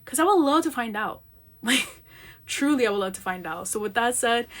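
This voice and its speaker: A young woman hosting a solo podcast, telling stories in an emphatic, animated rant and acting out the people she quotes. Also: mid-range voice. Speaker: podcast host.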